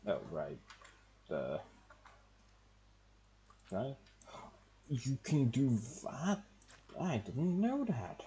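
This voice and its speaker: A man's voice: medium pitch, huge pitch swings, extremely slow, long pauses, dark tone, slight background noise. A man, casually talking to himself as he plays a game on stream. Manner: muttering thoughts to himself while playing. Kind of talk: casual gameplay commentary.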